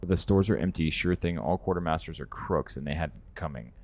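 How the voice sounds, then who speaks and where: A grim, weary male survivor from a video game cutscene, grumbling bitterly with curses in a deep, low voice. His delivery is quick and clipped. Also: a little mellow.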